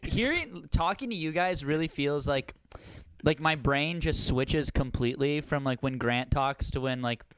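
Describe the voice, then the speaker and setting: A man's voice: a little high, a little slow, clean tone, no room sound. A man on a comedy podcast, rambling casually, interrupting himself and giggling. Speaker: podcast co-host. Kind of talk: casual chat.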